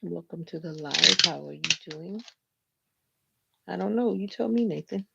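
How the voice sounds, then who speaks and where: Lady doing a chill livestream, lowish gravelly voice, kinda stuffy like she's getting a cold, greets everyone by name. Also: measured pace. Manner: chatty, greets viewers by name. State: slightly stuffy, sounding like a cold. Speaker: livestream host. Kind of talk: casual live chat with viewers. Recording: dull lo-fi stream audio with faint noise.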